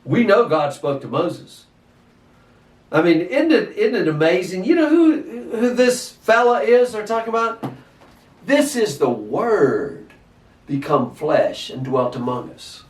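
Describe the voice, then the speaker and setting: High-pitched guy preaching, keeps asking questions, sounds far from the mic with lots of echo. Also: measured pace. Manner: questioning, animated, repeats himself. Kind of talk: sermon. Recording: echoey, distant from mic.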